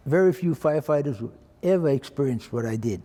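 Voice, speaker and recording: Older man in his eighties, Hawaiian Pidgin lilt, mellow and a bit raspy, plain-spoken storyteller with long room reverb. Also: medium pitch, lively intonation, fairly quick. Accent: Hawaiian Pidgin-tinged English. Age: 80s. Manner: plain-spoken, acts out quoted voices. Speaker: retired fire chief. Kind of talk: oral-history storytelling.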